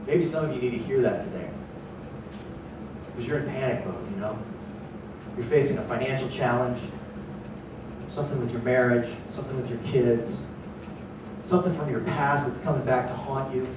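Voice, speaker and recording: A man preaching a sermon as pastor, animated, sometimes acting out panicked voices. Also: moderate pace, long pauses. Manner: animated, acts out panicked voices in a raised pitch. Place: church. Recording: echoey church hall, distant mic, faint noise.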